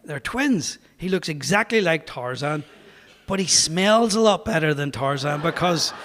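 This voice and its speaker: In a parish hall full of reverb, a pastor from Northern Ireland spins a humorous anecdote for his listeners, chatting away and voicing the characters he quotes. He speaks a little slowly in a higher, fairly bright voice with lively intonation.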